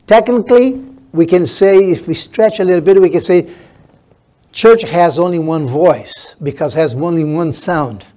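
Slow, deliberate preaching man. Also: fairly high pitch, darkish tone. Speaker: pastor. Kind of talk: sermon.

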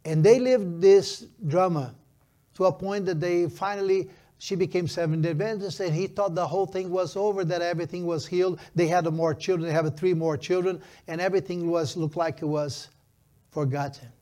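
A pastor in his fifties delivers a sermon in a voice somewhat high for a man, with a dark tone and fairly even intonation. He speaks emphatically, slowing down to stretch out key phrases, and his phrasing is slightly non-native.

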